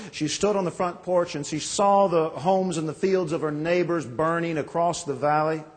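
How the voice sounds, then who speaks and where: A man in his forties, a pastor preaching a sermon, telling stories in a folksy, self-deprecating way. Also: fairly high pitch. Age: 40s. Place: large church sanctuary. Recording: long reverb in a church.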